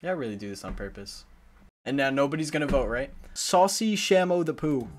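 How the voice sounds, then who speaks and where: A man's voice: mid-range voice, animated, fairly quick, soft background music. A young man streaming a game, joking and self-deprecating as he talks to his chat. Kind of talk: casual game commentary.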